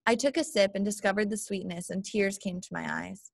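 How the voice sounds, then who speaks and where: A woman narrating an audiobook in measured first-person storytelling. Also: medium pitch, vocal fry, no echo, clean studio sound. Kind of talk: audiobook reading.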